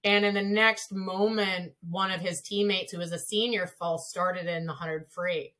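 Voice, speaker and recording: A woman's voice: lowish voice, a little slow. A woman who coaches swimming and diving, talking casually in an interview and telling stories in a chatty way with many filler words. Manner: chatty, frequent "like" fillers, lively retelling.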